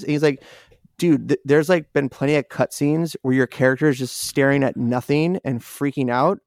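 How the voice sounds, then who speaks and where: A man co-hosting a podcast, telling a story in animated casual chat, swearing freely and acting out what people said. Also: medium pitch, fairly quick, no room sound, studio quality. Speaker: podcast co-host.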